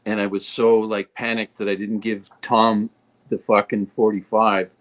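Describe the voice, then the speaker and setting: A man's voice: fairly low pitch, little pitch movement, a little slow, fairly bright tone. A man speaking as a guest in a casual interview, earnest and rambling with restarts. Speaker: guest actor.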